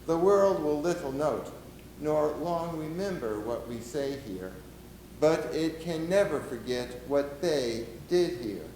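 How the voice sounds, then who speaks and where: A man portrays a solemn, middle-aged nineteenth-century American president who speaks in a measured, oratorical way. His voice sits a little high and moves at an unhurried pace. The recording is roomy, with a faint ambience behind him. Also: expressive, a little mellow, a little hiss or hum. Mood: solemn oration. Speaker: historical reenactor. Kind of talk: first-person historical portrayal.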